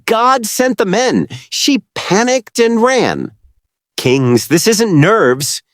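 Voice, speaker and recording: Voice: medium pitch, animated, slow pace, dry recording. Judgmental commentary narrator addressing viewers. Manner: judgmental, lecturing. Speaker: channel narrator.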